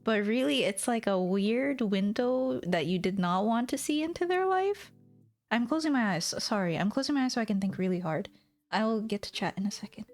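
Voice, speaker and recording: A woman's voice: a little high, expressive, brisk, soft background music. A young woman VTuber chatting casually on stream, rambling, swearing and giggling in exasperation.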